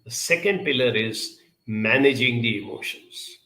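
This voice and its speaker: A man giving a measured, emphatic talk and answering audience questions, with many pauses and fillers. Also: medium pitch, sharp tone, echoey room, rough recording. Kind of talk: live talk on emotional intelligence.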